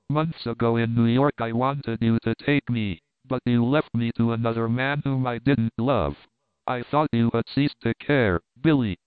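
A man's voice: medium pitch, smooth, no room sound, lightly acted. A man voicing an earnest, pleading young woman. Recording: thin phone-like sound.

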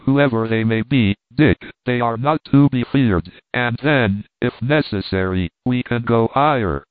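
A man voicing a calm, learned doctor who speaks in a measured way, in a storybook reading. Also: medium pitch, no room sound, natural voice. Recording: tinny phone-like dry sound.

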